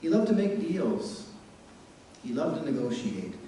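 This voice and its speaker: A man's voice: mid-range voice, big pitch swings, a little slow, far from the mic, slight background noise. Man telling stories in an echoey church. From New Brunswick, Canada. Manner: warm anecdotal storytelling, chuckling at his own stories. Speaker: son giving a eulogy. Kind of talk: funeral eulogy. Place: large church sanctuary.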